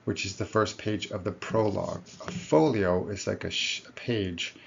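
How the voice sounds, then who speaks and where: A man's voice: on the low side, normal speed, creaky, dull audio, slight background noise. A man giving a recorded lecture to his students, explaining step by step and correcting himself as he goes.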